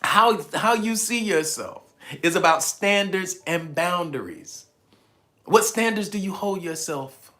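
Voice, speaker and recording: A man's voice: high-pitched, unhurried, sharp tone. A man hosting a live stream, giving a preachy, emphatic motivational talk, reading out chat comments and laughing often. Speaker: livestream host.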